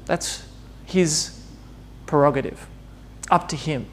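A preacher with a fairly high voice speaks slowly in an informal, conversational sermon. He's chatty, drops laughing asides often, and acts out bits of dialogue.

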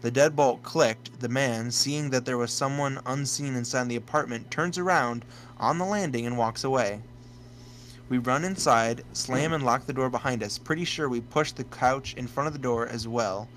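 A man's voice: medium pitch, normal speed, fairly bright tone, a little hiss or hum, low-quality recording. A man co-hosting a comedy podcast, reading a scary story aloud and chatting casually, often stumbling, restarting and laughing mid-sentence. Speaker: podcast co-host.

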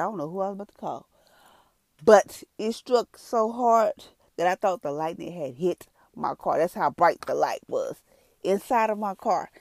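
A woman with a low, gravelly voice, telling her testimony to viewers. She talks earnestly and conversationally, acting out her own past reactions as she tells the story. The sound is dry and close. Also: a little mellow, no echo. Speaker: mother sharing a testimony. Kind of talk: emotional personal testimony to viewers.

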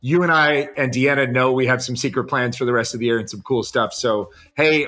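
A man co-hosting a podcast, chatting casually and warmly, with many fillers like "like". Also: medium pitch, fairly quick, soft background music. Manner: effusive, heavy use of "like", warm praise. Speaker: podcast co-host. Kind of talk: casual chat.

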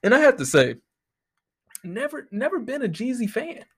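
A man's voice: very high-pitched, very animated, normal speed, fairly bright tone, husky. A man hosting a podcast, ranting casually in a profane, exasperated way, close to the microphone. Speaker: podcast host.

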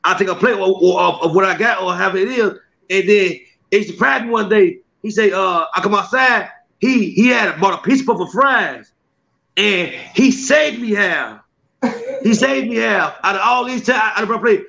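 Male guest: excitable storyteller, bright, gravelly, stammering, lo-fi sound. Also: high-pitched, moderate pace. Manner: excitable, stammering, laughing, shouting bursts. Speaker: skit creator and guest. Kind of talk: casual storytelling. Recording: slightly muffled lo-fi audio.

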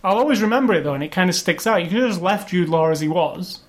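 A man co-hosting a casual movie review chat, rambling and opinionated, getting animated when he complains. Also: high-pitched, fast, a little hiss or hum. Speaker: podcast co-host.

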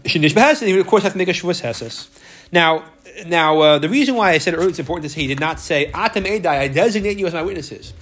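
A man's voice: a little high, expressive, quick pace, fairly bright tone. Man teaching a Talmud class. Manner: explains step by step, repeats words, restarts often. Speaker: Torah teacher.

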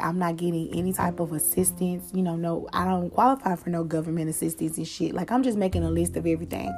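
A woman's voice: fairly low pitch, a little mellow. A young woman hosting her own show, telling a personal story in a candid, casual way with frequent swearing and fillers. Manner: candid, profane, conversational with fillers. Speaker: podcast host.

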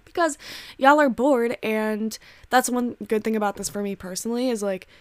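A woman's voice: on the high side, moderate pace, clear, resonant tone, no echo. Profane young woman ranting on podcast. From United States. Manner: profane, heated, lots of fillers. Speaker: podcast host. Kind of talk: casual solo podcast rant. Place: home.

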